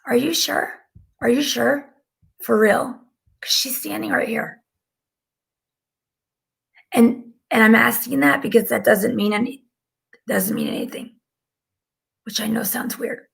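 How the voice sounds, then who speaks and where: A woman working as a psychic medium, channeling on a live stream from her living room, who sounds flustered and often drops into hushed whispered asides. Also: fairly high pitch, measured pace, vocal fry, pauses often.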